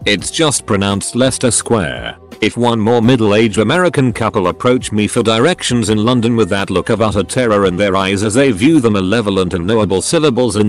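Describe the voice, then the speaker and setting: A man narrating forum posts as scripted narration, reading abbreviations letter by letter. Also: lowish voice.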